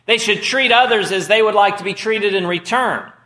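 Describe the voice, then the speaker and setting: A man delivers a sermon in a high, bright voice. He speaks slowly and deliberately, pausing for weight. The sound rings around an echoey room. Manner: slow, measured preaching with dramatic pauses. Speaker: pastor.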